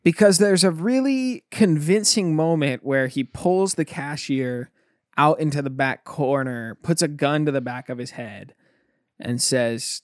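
A man's voice: a little high, unhurried, dry recording, studio quality. A man in casual chat, telling stories animatedly and acting out the quotes. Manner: animated storyteller, acts out quotes.

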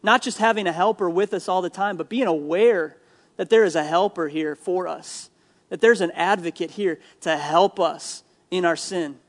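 A man's voice: sits high, normal speed. A young adult man preaching a sermon in a casual, conversational way, with humor and frequent restarts. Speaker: pastor.

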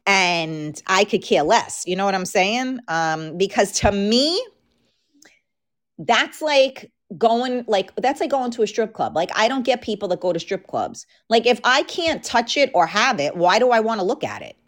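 A woman's voice: medium pitch, big pitch swings, moderate pace, few pauses. A woman hosting a podcast, talking frankly and casually straight to her listeners, her voice a little worn. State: losing her voice. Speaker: podcast host. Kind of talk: casual chat.

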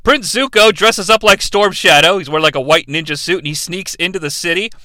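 A man with a fairly high, bright voice rambles through a sarcastic film recap, swearing freely. The recording is close and dry. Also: a little fast, dry recording. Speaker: podcast host reviewing a film. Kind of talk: casual comedic film recap.

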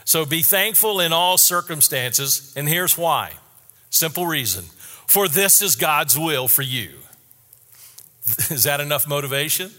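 A man preaching a sermon in an earnest, candid way, repeating his key statements slowly. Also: on the high side, animated, sharp tone, long reverb tail. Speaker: pastor.

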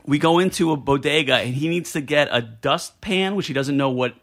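Guy rattling off a story super fast, bright kinda tense voice, a bit high, keeps doing little voices for people. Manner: animated, fast, does voices of people in his stories. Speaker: podcast guest telling a story. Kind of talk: casual storytelling chat.

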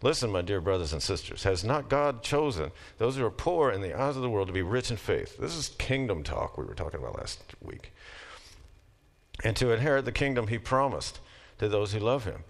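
A man's voice: fairly low pitch, very animated, fairly quick. A middle-aged man giving a casual lecture, moving between plain talk and emphatic readings of scripture. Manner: conversational, reads passages aloud with rising emphasis.

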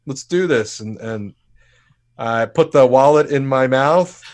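A man's voice: medium pitch, takes it slowly. A man telling a comedic story in a casual podcast chat, swearing freely and acting out what people said. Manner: animated, swears freely, acts out quotes loudly. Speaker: podcast co-host.

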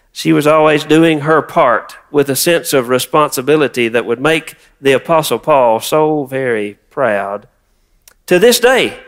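A man's voice: medium pitch, fairly bright tone. A man preaching a sermon, reading scripture and prompting the congregation to repeat words. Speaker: pastor.

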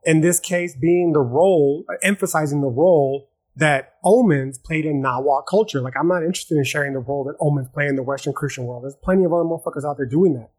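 A man's voice: fairly high pitch, fast, a little mellow, husky. A man hosting a solo podcast, explaining at length in a loose, profane, slangy way, full of fillers and restarts. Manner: loose and profane, slangy, calls listeners "dog". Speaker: podcast host. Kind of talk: casual solo podcast lecture.

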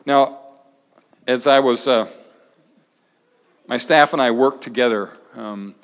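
An older man, a pastor, preaching a sermon to a gathered congregation in a conversational way, rising to emphatic lines and dropping to soft ones. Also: medium pitch, takes it slowly, clear, resonant tone. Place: large church hall. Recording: long reverb of a large hall.

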